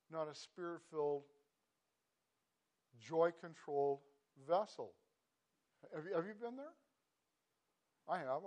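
Pastor, male, slightly high voice, earnest and halting devotional preaching with emphatic peaks. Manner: earnest, halting with repeated restarts, rising to emphatic bursts. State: choked up. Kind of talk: devotional sermon.

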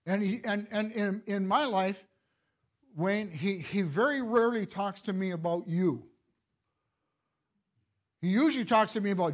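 An older man giving a sermon in a halting, repeating way, chuckling at his own family stories. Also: high voice. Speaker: preacher.

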